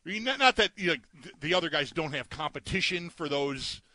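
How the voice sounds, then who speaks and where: Male sports talk co-host, stammers a lot, bright dry sound. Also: a little high, lively intonation, fast, dry recording. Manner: stammering, rambling restarts. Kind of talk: sports betting radio chat.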